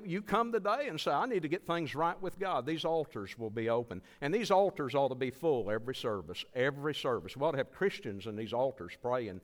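A man preaching as a visiting evangelist, giving an earnest altar call and repeating his pleas. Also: mid-range voice. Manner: earnest, pleading, repeats phrases. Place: church sanctuary. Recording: long church hall reverb.

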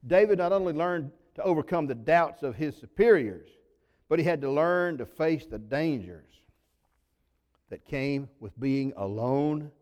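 A man preaching a sermon, acting out quoted voices and swinging between loud and hushed delivery. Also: fairly high pitch. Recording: long reverb of a large hall.

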